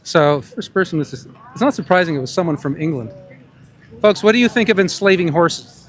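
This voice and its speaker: A man's voice: sits high, lively intonation, a little fast. Man calling out to passersby outdoors. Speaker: street interviewer and animal rights activist. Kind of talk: street vox-pop vlog. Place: outdoors on a busy city street by a park.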